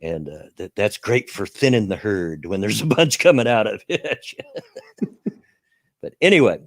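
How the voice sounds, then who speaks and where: A Southern US man chatting casually on his stream, rambling and chuckling as he goes. His pitch swings lively up and down around a middling register. The sound is dry and close. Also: measured pace, no echo. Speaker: streamer hosting a chat show. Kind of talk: casual chat.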